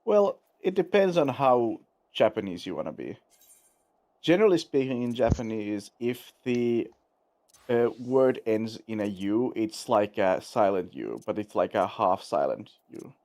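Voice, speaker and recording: British man, friend on stream, slow laid-back talk, dry close sound. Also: on the low side, animated, darkish tone, no echo. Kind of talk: casual chat.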